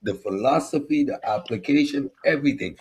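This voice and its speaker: A man's voice: mid-range voice, a little fast, slightly rough. A man co-hosting a casual commentary talk, arguing his points emphatically. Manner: argumentative, emphatic. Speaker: co-host.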